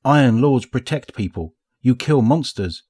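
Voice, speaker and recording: A man's voice: mid-range voice, expressive, darkish tone, slightly rough, voice pushed up. A man voicing a thin, frightened villager who pleads in broken English with a thick accent. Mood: pleading. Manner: pleading, halting.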